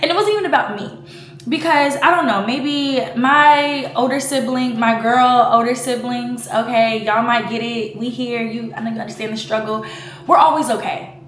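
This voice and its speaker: A woman's voice: on the high side, fairly even intonation, normal speed, a bit bright, reverberant, slight background noise. A woman in her twenties talking to her vlog camera in a chatty, emotional way, close to tears at times, with lots of fillers. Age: 20s. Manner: emotional, fighting back tears; chatty, full of fillers like "like" and "you know". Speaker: vlogger. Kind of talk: casual personal vlog talk.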